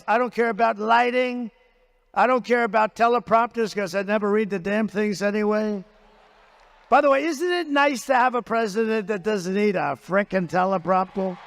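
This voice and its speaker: A man's voice: sits high, creaky. A man giving a rambling, combative rally speech into a stage microphone at a large venue. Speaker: political rally speaker. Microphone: handheld stage microphone. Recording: long reverb of a large hall.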